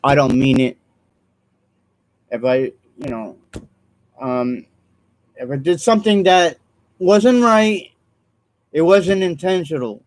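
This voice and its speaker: Slow and expressive, with a slightly high voice and frequent pauses, this vlogger addresses his audience on a rough recording. His solo monologue is earnest and meandering, full of repetition, apologies, and trailing ums.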